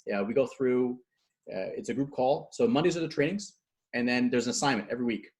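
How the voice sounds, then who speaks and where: Fast-talking, energetic man coaching. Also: mid-range voice. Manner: fast, energetic storyteller, acts out quotes. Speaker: guest speaking coach. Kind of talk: animated casual interview talk.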